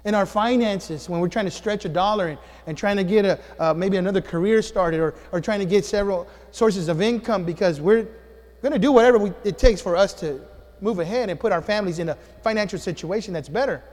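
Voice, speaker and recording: A man preaching a sermon as a pastor, with animated delivery that swings between loud and hushed. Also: high-pitched, brisk, big-room sound. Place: church sanctuary.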